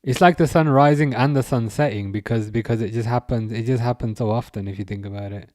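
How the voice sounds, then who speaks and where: A man hosting a casual live football watchalong, reading out chat, laughing often and tripping over his words when he gets excited. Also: medium pitch, fast, no echo, studio quality. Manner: excitable, laughing, stumbling restarts. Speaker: livestream host reading chat.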